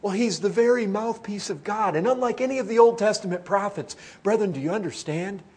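Man, middle-aged, preaching, husky voice, pitched a bit high, earnest, swings between loud and hushed. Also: brisk. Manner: earnest, swells loud then drops hushed. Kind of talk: sermon.

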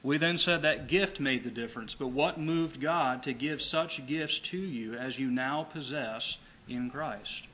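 A man delivers an emphatic sermon in a bright, forceful voice. He repeats his key phrases for weight and slows down when reading scripture. A faint background noise sits under the recording. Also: mid-range voice, rough recording. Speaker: preacher.

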